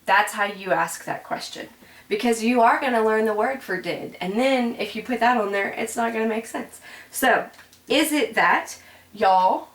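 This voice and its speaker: A woman teaching a French grammar lesson in a chatty, casual way, with many ums and quick self-corrections. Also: on the high side, a bit bright. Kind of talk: classroom grammar lesson at a board. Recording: echoey room, voice from a distance.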